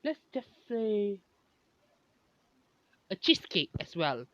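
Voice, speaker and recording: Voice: mid-range voice, sing-song, takes it slowly, a bit bright, no room sound, lo-fi sound. A narrator voicing an eager, polite young hero boy who stumbles as he talks. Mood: cheerful. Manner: hesitant, stumbling speech.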